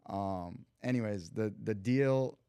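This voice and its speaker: Low-voiced young man telling a story. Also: slow pace, smooth, no room sound, studio quality. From Cleveland, USA. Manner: lively storyteller who acts out quoted dialogue; loose slang and frequent "like" fillers. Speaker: podcast guest. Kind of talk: casual storytelling.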